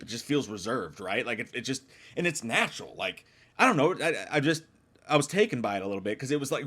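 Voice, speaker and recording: A man giving a casual spoiler review of a film, rambling and swearing freely. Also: mid-range voice. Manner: profane, rambling, animated. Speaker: movie reviewer.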